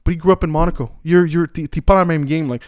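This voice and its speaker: A man's voice: on the high side, fast talker, no room sound, clean studio sound. A young man hosting casual commentary, rambling, opinionated and profane. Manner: rambling, profane, many fillers and restarts; opinionated and animated. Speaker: podcast host.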